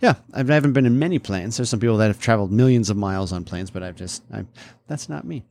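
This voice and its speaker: A man's voice: lowish voice, expressive, fast, a little mellow. A man in his thirties from the upper Midwest, co-hosting a casual chat and telling meandering stories with lots of restarts. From upper Midwest, USA. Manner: rambling, self-interrupting storyteller. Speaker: podcast co-host.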